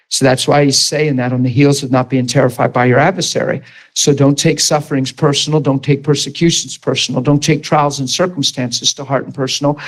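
A man preaching an informal sermon to a Bible school class, earnest and emphatic, laughing often and asking the room questions. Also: mid-range voice. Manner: laughs often, jokes with the class, acts out quoted voices.

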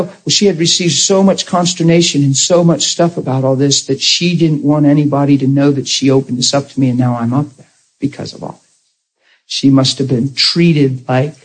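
A man preaching a sermon, telling a story in an animated way and speaking directly to his congregation. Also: fairly high pitch, normal speed, breathy edge.

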